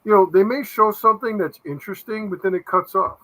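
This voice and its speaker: Man, guest investigator, bright forceful voice, slightly high pitch, blunt, skeptical. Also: quick pace, rough recording. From Connecticut, USA. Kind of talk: casual chat.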